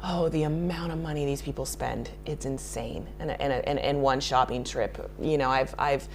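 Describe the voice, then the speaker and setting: A woman's voice: rumbling low, moderate pace, slight background noise. A woman makeup artist answering interview questions in a chatty way, laughing often and restarting her sentences.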